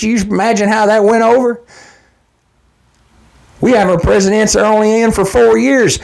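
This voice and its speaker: A man's voice: high-pitched, vocal fry. Fired-up man ranting about politics. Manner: heated, blunt and profane, repeating points for emphasis. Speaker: political commentator. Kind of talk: direct-to-camera political rant.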